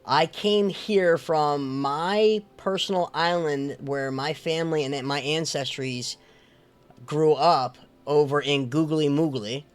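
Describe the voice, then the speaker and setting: Tabletop player, male, high voice, slow and theatrical, faint music behind. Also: fairly even intonation. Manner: rambling, mock-grand pronouncements. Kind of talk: in-character roleplay.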